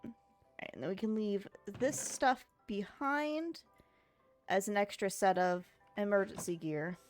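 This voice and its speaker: A woman's voice: mid-range voice, measured pace, faint music behind. A woman streaming a game in a casual, rambling way, sounding sleepy after just waking up and chatting with her viewers.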